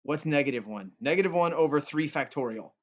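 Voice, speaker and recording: A man's voice: a little high, animated, a little fast. A male math teacher giving a recorded calculus lesson in a playful, joking way. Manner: playful and goofy, jokes with students. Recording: dull lo-fi audio.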